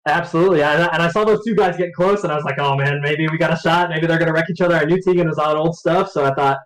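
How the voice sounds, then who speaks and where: A man recounts his race in a loose, rambling way, often breaking into laughter. His voice sits a little high. He sounds easy and unhurried. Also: fairly bright tone, rough recording. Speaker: race driver. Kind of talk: post-race interview.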